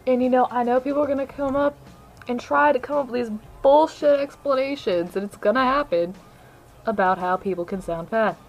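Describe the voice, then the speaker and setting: A young woman with a fairly high voice rants to the camera, blunt, sarcastic and full of swearing. Faint music plays underneath her. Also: a little fast, rough recording. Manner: brash, profane, sarcastic trash talk. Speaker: gamer vlogger. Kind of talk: casual ranting monologue.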